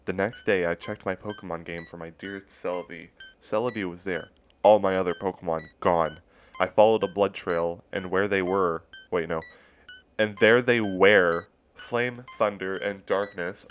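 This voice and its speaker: With slight background noise, a young man in a low, fairly even voice reads a creepypasta at a moderate pace. He speaks the punctuation marks aloud and keeps cutting in with sarcastic commentary in a casual way.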